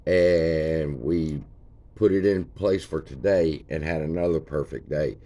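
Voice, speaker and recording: Very deep-voiced folksy man. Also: unhurried, mellow. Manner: folksy, points at chart features as he talks. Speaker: stock channel host. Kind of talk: casual screen-share chart walkthrough.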